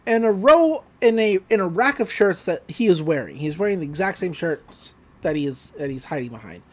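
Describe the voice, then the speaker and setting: A podcast host walks through a cartoon episode casually. The voice swings around a lot in pitch and laughs come often. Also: big pitch swings, fairly quick, darkish tone.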